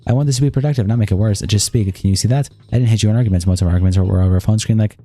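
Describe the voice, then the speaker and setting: Rapid low-voiced man reading texts aloud. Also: mellow, breathy edge, faint music behind. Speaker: streamer. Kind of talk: reading a text-message exchange aloud.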